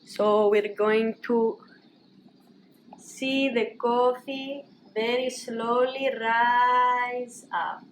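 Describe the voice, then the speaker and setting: A woman's voice: a little high, little pitch movement, drawn-out words, a little hiss or hum. A woman hosting a comedic cooking demonstration in a put-on Greek accent, giving mock-serious, coaxing instructions with playful repetitions. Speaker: host demonstrating a recipe. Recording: echoey room, voice from a distance.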